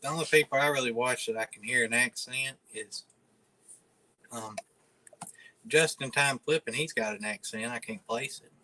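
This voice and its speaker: A man's voice: mid-range voice, moderate pace, pauses often, sharp tone, a little hiss or hum, low-quality recording. A man from northern Alabama with a Southern accent, casually chatting with viewers on a livestream in a laid-back, mumbly drawl. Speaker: livestream host.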